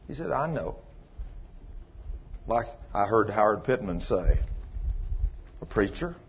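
A man preaching a folksy, impassioned sermon, swinging between loud pleading and low quiet. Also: very animated, measured pace, breathy edge. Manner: folksy, plain-spoken. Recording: dull lo-fi recording.

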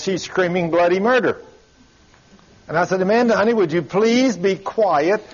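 Husky older preacher man. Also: a little high, lo-fi sound. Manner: folksy, drawn-out emphatic preaching. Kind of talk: sermon storytelling.

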